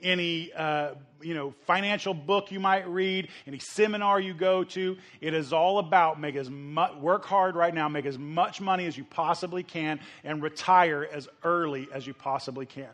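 A man from the United States delivers a sermon from the pulpit, animated and lively. He slips into the voices of the people in his story as he preaches. His voice sits fairly high for a man. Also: moderate pace, hardly any pauses. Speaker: pastor.

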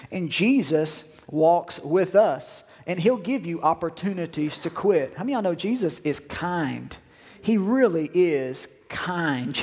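A man's voice: a little high, darkish tone. A male pastor preaching a sermon, repeating phrases and asking the congregation questions. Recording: long hall reverb.

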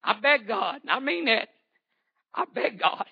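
High, bright-voiced man testifying. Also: very animated, a little slow, vocal fry, husky, muffled recording. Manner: fervent, repetitive, stammering restarts. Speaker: layman giving testimony in church. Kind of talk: impassioned testimony sermon.

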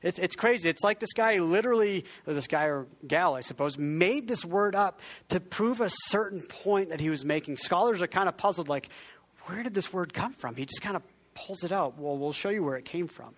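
Man, pastor, sermon, slightly high voice, chatty, self-deprecating. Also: animated, fairly quick. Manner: conversational, self-deprecating, frequent restarts; has the congregation repeat words.

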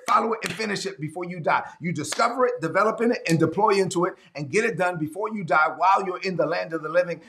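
Male pastor, slightly high voice, emphatic livestream preaching, drawn-out stresses. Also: a bit bright. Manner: emphatic preaching, slows down to stress key words. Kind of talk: sermon.

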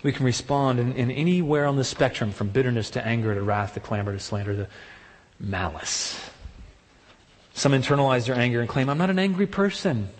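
A man delivering a sermon with strong, emphatic preaching. He leaps up in pitch when he mimics the excuses people make, then drops back to a mid-range voice. His words ring out with a long reverb, as if in a large sanctuary. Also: brisk. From partly German heritage. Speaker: pastor.

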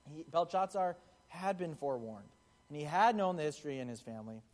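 A man's voice: fairly high pitch, expressive, fairly quick. Conversational young man preaching a sermon. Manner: conversational, acts out quotes in the parable. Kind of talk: casual sermon.

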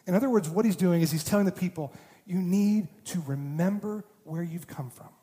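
A man preaching a sermon, telling the story with animated, dramatized quotes and touches of humor. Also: high-pitched, brisk. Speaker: pastor. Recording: long hall reverb.

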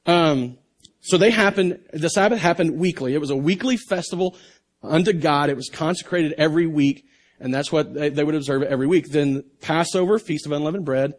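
A man's voice: fairly high pitch, brisk. A man preaching a sermon on a church stage. He reads scripture aloud and then explains it in a conversational way, with repeated words and restarts. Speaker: pastor. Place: church stage under bright lights.

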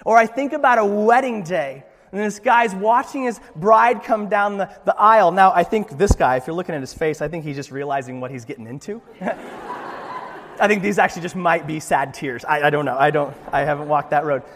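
A young male pastor delivers a sermon with a high voice, joking and animated, often restarting his sentences. His voice rings with a long reverb, as in a church hall. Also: a little fast, hardly any pauses.

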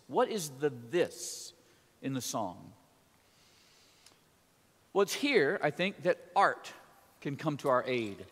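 Preacher, male, slightly high voice, chatty sermon delivery with homey asides, echoing church hall. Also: expressive, takes it slowly, long pauses, a bit bright. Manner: conversational, with folksy asides. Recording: long church reverb.

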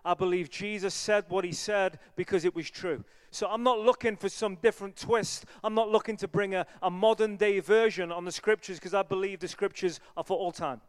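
A man's voice: sits high, steady tone, fairly quick, few pauses, clean tone, long reverb tail. A man preaching a sermon as an evangelist, conversational and earnest, with many fillers. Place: church.

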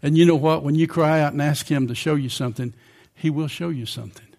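A man's voice: a little high, fast, vocal fry, a little mellow. An older man preaching a sermon in a conversational way, often asking the congregation questions.

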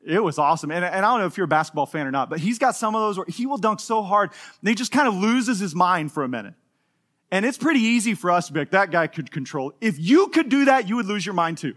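A man's voice: high-pitched, fast talker. A middle-aged man preaching a sermon to a congregation, telling stories with playful humor and acting out voices. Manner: animated storytelling with playful humor, acting out quotes. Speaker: pastor. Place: church in front of a live congregation.

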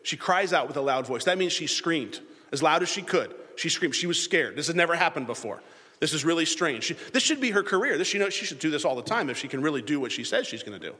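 A man delivers a sermon in a lively, animated manner and slips into voices for the biblical characters. His voice sits a little high for a man. The sound rings with long reverb, as in a large hall. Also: quick pace. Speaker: preacher.

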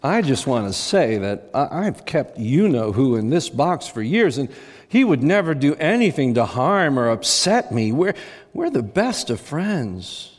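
A man's voice: medium pitch, sing-song, unhurried, long reverb tail. A man voicing a smug, sweetly self-assured woman.

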